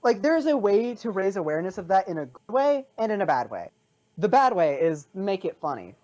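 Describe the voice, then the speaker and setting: Lively, rambling podcast co-host. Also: medium pitch, fairly quick, lo-fi sound. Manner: rambling, heavy on filler words, laughs often. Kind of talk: casual chat.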